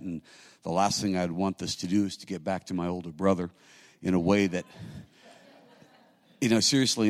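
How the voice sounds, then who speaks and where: A middle-aged male pastor delivering a sermon in a fairly low voice. He talks to the congregation in an easy, conversational way, then climbs into loud, emphatic bursts to drive a point home. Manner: conversational preaching, swelling to loud emphatic peaks.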